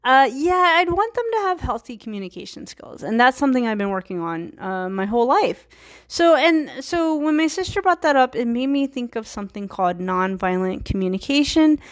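A woman's voice: sits high, big pitch swings, normal speed. A woman in her thirties, from Virginia, hosting her own podcast and talking casually with many fillers and restarts. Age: 30s. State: a little tired. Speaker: podcast host. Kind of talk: casual solo talk.

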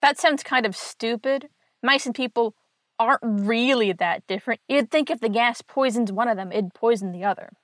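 A woman hosting a podcast, retelling a comic book plot in a loose, conversational way and slipping in wry jokes along the way. Her voice sits a little on the high side. The sound is dry and close, with no room echo. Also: normal speed. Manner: wry, chatty asides and jokes. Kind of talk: casual comic recap narration.

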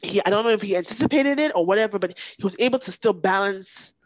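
A woman, a podcast guest telling a painful personal story in an intense, halting way that sometimes breaks off with emotion. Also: mid-range voice, rough recording. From Nigeria.

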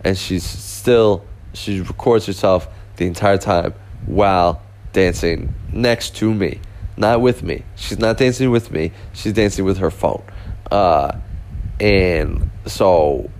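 A man's voice: low voice, slow pace, a little mellow, a little hiss or hum. A young man casually telling a rambling story, full of fillers and restarts. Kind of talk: casual anecdote.

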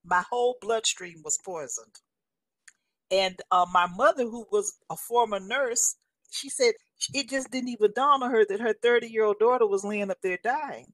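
Sharing her personal faith testimony as a guest, a woman in her sixties speaks at a normal speed in a fairly high voice, recorded without echo. She tells it earnestly, like a story, frequently passing along words others told her.

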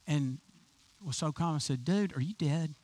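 A man's voice: fairly high pitch, moderate pace, mellow, no room sound. A man preaching an informal, chatty sermon to his congregation as their pastor, enthusiastic and full of restarts. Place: church sanctuary.

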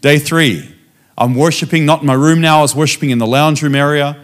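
A man preaching as a guest speaker, telling a personal testimony in a lively storytelling way and acting out the dialogue. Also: a little high, fairly quick. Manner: animated storytelling, acting out dialogue with frequent restarts.

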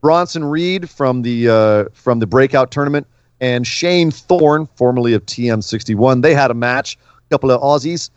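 A man's voice: medium pitch, moderate pace, smooth, no room sound. A man co-hosting a casual wrestling chat. He talks in a loose, chatty way and often repeats a word before his thought gets going. The sound is dry and a little dull, with no room around it. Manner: chatty, repeats words when starting. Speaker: podcast co-host.

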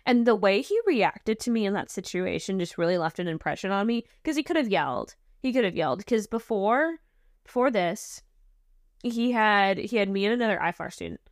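A woman talking in a candid, chatty way as a podcast co-host, with a touch of self-deprecating humor. Her voice sits at a middle pitch. The recording is dry and close, with no room sound. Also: lively intonation, brisk, dry recording. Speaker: podcast co-host, flight instructor. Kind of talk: casual chat.

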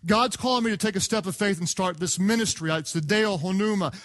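A man preaching a sermon, an animated storyteller who acts out the voices of the people in his stories. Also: high voice, fairly quick. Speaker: pastor. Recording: sermon clip played from archive.

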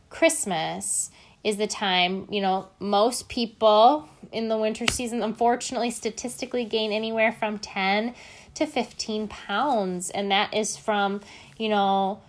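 A young woman giving casual motivational fitness talk, chatty and candid with many fillers. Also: mid-range voice.

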